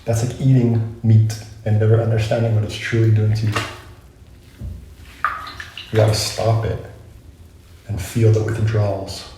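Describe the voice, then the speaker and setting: A man's voice: fairly low pitch, little pitch movement, measured pace, pauses often. A young man telling a personal story in a casual vlog, rambling, correcting himself and reflecting as he goes. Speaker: vlogger. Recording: very echoey room, faint noise.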